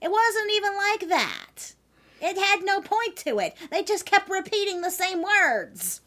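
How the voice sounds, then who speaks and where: High, bright-voiced woman streamer. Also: unhurried. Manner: giggly and excitable, loud outbursts. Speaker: VTuber streamer reacting to a video. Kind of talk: casual reaction chat.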